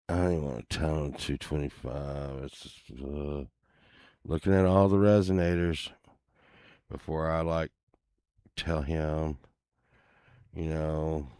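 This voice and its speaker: A deep-voiced man with a drawl talks slowly and loosely to his viewers, muttering asides and the odd curse. The sound is close and dry with no room around it. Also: steady tone, darkish tone, smooth, dry recording. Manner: laid-back, mumbling, muttered asides and cursing. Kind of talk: casual chat to viewers while browsing listings.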